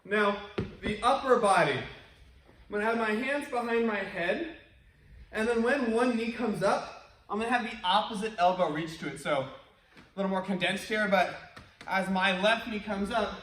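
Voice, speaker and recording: Male martial arts instructor, high voice, upbeat and encouraging, echoey room and set back from the mic. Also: normal speed, a bit bright. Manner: upbeat, encouraging, chatty with asides. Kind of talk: online workout class instruction. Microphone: wears a face mask while talking. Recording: roomy echo, distant from mic.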